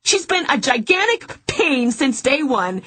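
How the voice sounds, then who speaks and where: A woman's voice: medium pitch, expressive, moderate pace, pitched above the performer's own voice, lightly acted. A woman voicing an outspoken, exasperated woman investigator in a first-person audiobook. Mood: frazzled.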